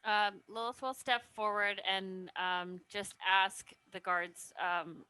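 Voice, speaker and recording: A woman's voice: mid-range voice, level tone, takes it slowly, hardly any pauses, bright, forceful tone, clean tone. A woman playing a tabletop game, talking casually with many fillers and giggles. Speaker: player. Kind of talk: tabletop role-play.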